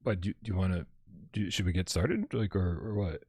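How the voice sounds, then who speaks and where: A man's voice: low voice, fairly quick, darkish tone, breathy edge, no room sound. A man co-hosting a casual gaming podcast, joking around and rambling with restarts. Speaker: co-host.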